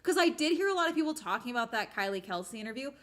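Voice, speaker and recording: A young woman chatting casually as she reads articles aloud, thinking out loud and trailing off into filler sounds. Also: on the high side, sing-song, rapid-fire. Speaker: streamer. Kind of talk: casual commentary while reading articles aloud.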